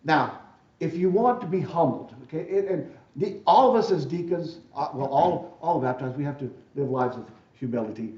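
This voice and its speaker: A man's voice: a little high, lively intonation, moderate pace, a little mellow. Chatty male speaker in a roomy hall. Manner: folksy, repeats words, asks "right?" and "okay?" often. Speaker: keynote speaker at a deacon assembly. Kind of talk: conference talk. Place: lecture hall. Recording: roomy hall, dull sound.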